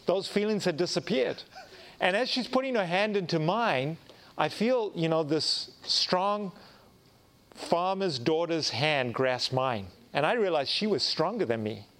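A man preaching a sermon, telling a personal story with lively acted-out dialogue and self-mocking humor. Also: on the high side. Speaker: pastor.

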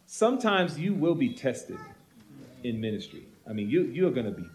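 A pastor tells a story from his ministry during a panel Q and A. He speaks in a mid-pitched voice that rises and falls a great deal, acting out the voices of the people in his story. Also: very animated, normal speed, slight background noise.

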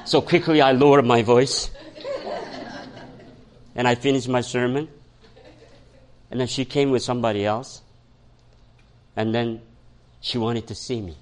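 A man's voice: medium pitch, unhurried, long pauses, a little hiss or hum. Man preaching. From Korea. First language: Korean. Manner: animated, swings from raised voice to soft storytelling; quotes people in the story, chuckles often. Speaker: pastor. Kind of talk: sermon with storytelling.

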